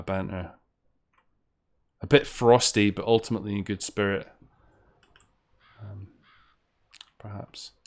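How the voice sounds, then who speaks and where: A man's voice: lowish voice, a bit bright. A man giving rambling, casual commentary while streaming a game, swearing now and then. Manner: rambling, chatty, swears when frustrated. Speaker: streamer playing fangames.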